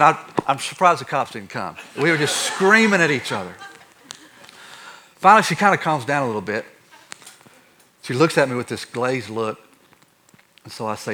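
A man preaching a sermon, telling personal stories in an animated way, swinging between quiet and loud. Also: mid-range voice, moderate pace. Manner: animated, acts out stories with shifting loudness. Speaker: pastor.

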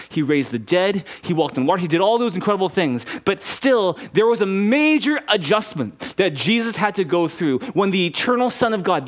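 A male pastor preaching a sermon in an earnest, conversational way, often restarting his sentences. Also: sits high.

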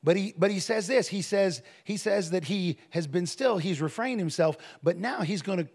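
Fervent high-voiced preacher. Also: male voice, gravelly. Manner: builds from conversational to shouted preaching; fervent, drawn-out emphasis. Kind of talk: sermon.

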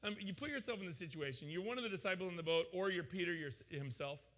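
A male pastor preaching a sermon in an animated, casual, joking way in a church hall. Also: high voice, fast talker. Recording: long hall reverb.

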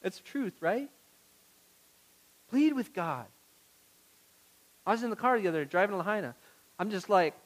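A male pastor preaching a sermon to his congregation, moving from quiet, intimate words to loud pleading and asking the room questions. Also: high-pitched, expressive, moderate pace, pauses often, poor audio.

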